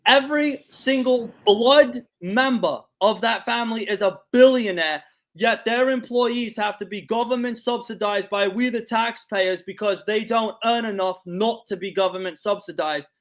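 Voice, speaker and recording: A man hosting a podcast, telling stories in an animated, profane way. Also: high voice, normal speed. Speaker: podcast host. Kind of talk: casual storytelling chat.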